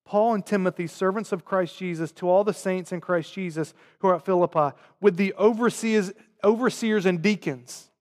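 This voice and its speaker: Southern pastor preaching in a reverberant church. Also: male voice, normal speed, hardly any pauses. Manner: swings between loud emphatic preaching and quiet, low asides. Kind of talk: sermon. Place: church sanctuary. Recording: long hall reverb.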